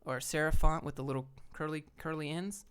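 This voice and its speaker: A man with a fairly high, clean, resonant voice talks casually on a livestream. He is blunt and relaxed, swears offhand and speaks directly to his viewers. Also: fairly quick, clean tone. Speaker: livestream host giving job advice.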